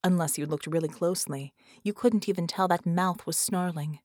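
A woman reading an audiobook in a measured, expressive narration. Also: on the low side. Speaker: audiobook reader. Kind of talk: scripted narration.

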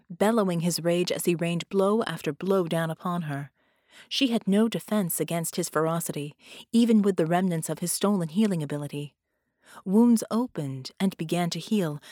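A woman narrating a dramatic superhero audiobook in a measured, storytelling manner. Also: lowish voice, a little mellow, no echo, clean studio sound.

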